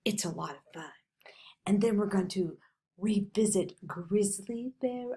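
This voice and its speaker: A woman's voice: mid-range voice, a little slow, dark tone. A woman teaching an online children's music lesson in an upbeat, encouraging way.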